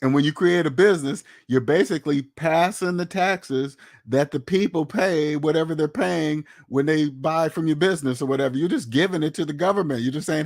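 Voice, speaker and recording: A man's voice: fairly high pitch, animated, brisk, hardly any pauses. A man giving casual, blunt commentary on money and taxes, lecturing his viewers with many rhetorical questions. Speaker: finance commentator. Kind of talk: casual opinionated talk to camera.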